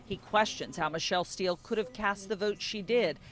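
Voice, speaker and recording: Woman reporter, measured news narration. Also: mid-range voice. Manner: steady, measured delivery.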